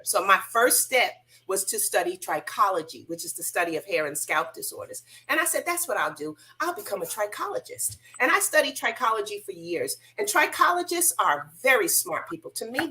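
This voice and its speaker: A middle-aged woman telling her story as a radio interview guest, animated and colloquial, acting out the voices of people she quotes. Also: mid-range voice. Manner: casual, colloquial. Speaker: guest, hair loss practitioner.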